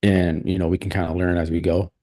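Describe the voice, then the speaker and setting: A man's voice: deep voice, level tone, fast, mellow. A man hosting a live stream, chatting casually and rambling with plenty of restarts and opinions.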